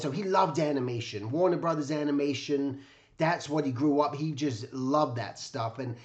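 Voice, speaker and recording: A man with a somewhat high voice tells a personal story in a loose, casual way. He rambles with awestruck enthusiasm, like an art teacher chatting to his viewers. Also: darkish tone. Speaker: illustration teacher and host.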